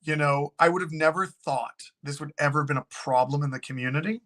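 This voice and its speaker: Animated, swearing man telling a story. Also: on the high side, brisk. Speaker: haunted location owner, guest. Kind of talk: casual storytelling.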